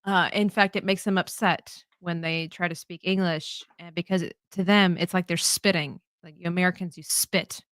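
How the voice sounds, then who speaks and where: A woman's voice: fairly low pitch, fairly even intonation, normal speed, few pauses, a bit bright, no echo. A woman chatting and laughing as she teaches drawing on a live stream. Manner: chatty, laughs often, teasing.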